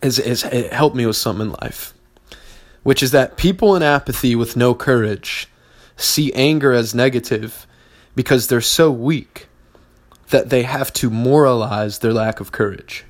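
A man's voice: mid-range voice, unhurried. A man hosting a solo business podcast, talking in a blunt, heavily profane and mocking way. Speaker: business owner and podcast host.

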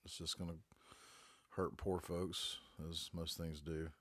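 Speaking slowly in a deep, level voice with a fairly bright tone and a breathy edge, a man in his 40s rambles glumly and curses heavily through his solo podcast. He's from North Carolina, has a stuffy head cold, and uses his phone in a back bedroom at home for this casual monologue. The recording is dry.

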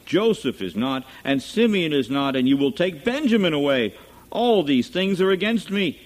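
A man's voice: fairly high pitch, big pitch swings, normal speed, pitched above the performer's own voice. Grieving elderly father, firm refusal; man reading scripture. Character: grieving old father refusing his sons.

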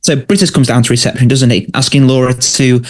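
A man's voice: mid-range voice, fairly even intonation, a little fast. A man co-hosting a casual podcast, recapping scenes and speaking to listeners and his co-host.

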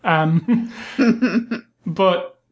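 A man's voice: high voice, extremely slow. Chatty, opinionated man reviewing a movie. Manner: chatty, opinionated, frequent ums and restarts. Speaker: podcast co-host. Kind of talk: casual movie review chat.

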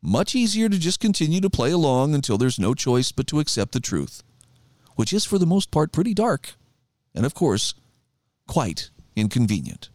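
Middle-aged man, talk radio host, animated voice, dry close studio sound, conversational monologue. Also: fairly high pitch, normal speed, no echo. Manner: conversational, reflective, reads quotes with emphasis. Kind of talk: talk radio monologue reading articles aloud.

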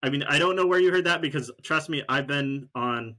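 A man's voice: a little high, brisk, pushed and bright. A man co-hosting a sports talk show, firmly defending his point in a heated debate.

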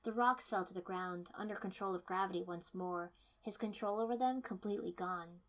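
A woman reading a first-person fiction story aloud in steady storytelling, dipping to soft menace. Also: medium pitch, fairly quick. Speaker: narrator.

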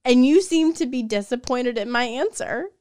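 A young woman tells lively stories about her partner in a relaxed podcast chat, often acting out his lines. Her voice is smooth and clear and sits a little high. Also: normal speed, dry recording, studio quality. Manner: animated storyteller, quoting her partner, laughing often. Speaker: podcast co-host. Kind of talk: casual chat.

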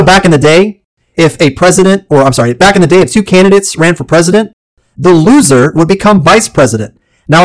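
A man hosting a solo podcast, talking in a wordy, theatrical way with punchy lists, and dropping low and slow when he quotes. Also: poor audio. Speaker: podcast host.

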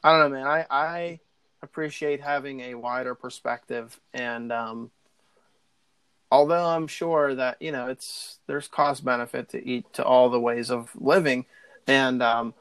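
A man's voice: mid-range voice, steady tone, unhurried, fairly bright tone, clean tone, dry recording. A man in casual chat, rambling with many likes and ums. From Pittsburgh area.

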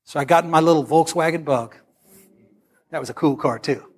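A middle-aged man, preaching a storytelling sermon. He is animated and humorous, and swings between loud and hushed. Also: on the high side, a little fast, breathy edge.

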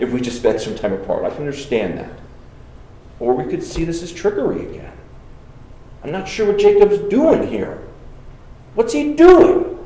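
A man's voice: a little high, a little mellow, reverberant, low-quality recording. A man giving an exegetical Bible lesson, reading passages aloud and then commenting with rhetorical questions and repeated phrases. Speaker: Bible teacher.

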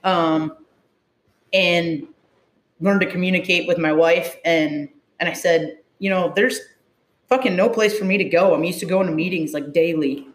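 A woman first responder tells her story to an interviewer in a candid, emotional way. She is blunt and swears freely. The sound rings around an echoey room. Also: on the low side.

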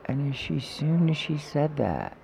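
A man telling an emotional personal story in a podcast chat, animated and swearing freely. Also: fairly high pitch, measured pace, vocal fry. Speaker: guest. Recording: dull, slightly noisy podcast audio.

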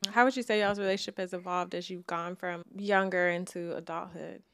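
Calm low-voiced woman host. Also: brisk, vocal fry, clear, resonant tone. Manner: calm, affirming, reflective. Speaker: podcast host. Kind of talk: interview questions.

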